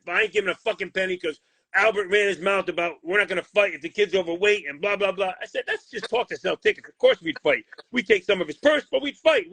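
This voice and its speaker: A man's voice: sits high, gravelly, slightly rough, dry recording. A man, a boxing manager, bluntly retelling a deal gone wrong with lots of swearing and quoted back-and-forth. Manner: profane, blunt, animated retelling with quoted voices. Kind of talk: heated storytelling interview.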